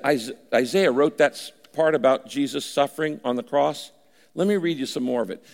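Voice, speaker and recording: A man's voice: medium pitch, creaky, in a large hall. An older man preaching a sermon in a conversational way, at times voicing imagined listeners. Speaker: pastor.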